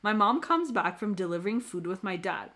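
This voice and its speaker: A woman's voice: medium pitch, animated, a little fast, fairly bright tone. Podcast co-host, woman, reads aloud casually, trips over words and laughs them off. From Canada. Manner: reads aloud with slips and laughs at her own mispronunciations. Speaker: podcast co-host reading stories.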